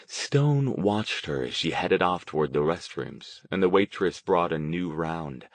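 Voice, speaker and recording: A man narrating an audiobook with expressive storytelling. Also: deep voice, measured pace, hardly any pauses, no echo. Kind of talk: scripted narration.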